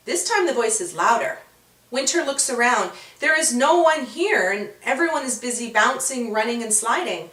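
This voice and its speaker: A woman reading her own children's storybook aloud with expressive, animated storytelling. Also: on the high side, normal speed, echoey room, recorded from a distance. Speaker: author and storyteller.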